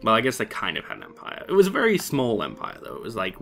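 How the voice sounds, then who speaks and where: Low, animated male let's-play host, sarcastic and rambling, light music underneath. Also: fast, creaky. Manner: wry, rambling, sarcastic asides. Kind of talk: casual gameplay commentary.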